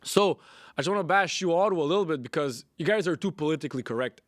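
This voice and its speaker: A man's voice: on the high side, lively intonation, fast talker, dry recording, clean studio sound. A young man hosting a solo podcast, ranting bluntly with lots of swearing and repetition. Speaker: podcast host. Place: Canada.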